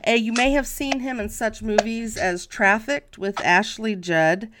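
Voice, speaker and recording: A woman's voice: on the high side, steady tone, measured pace, very noisy. A woman hosting a podcast, enthusiastic but hesitant, often repeating words as she asks questions. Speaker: podcast host. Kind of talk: casual interview chat.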